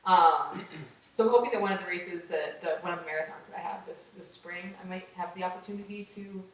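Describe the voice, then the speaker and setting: Woman interview guest, casual storyteller, lowish voice, far from the mic in a boomy room. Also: a little fast. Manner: animated, acts out quotes, many "like"s. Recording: echoey room, distant mic, faint noise.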